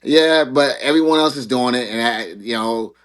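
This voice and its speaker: A man's voice: mid-range voice, normal speed, a bit bright, clear, resonant tone. A man hosting a casual online panel discussion, rambling, repeating words and laughing at himself. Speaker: show host.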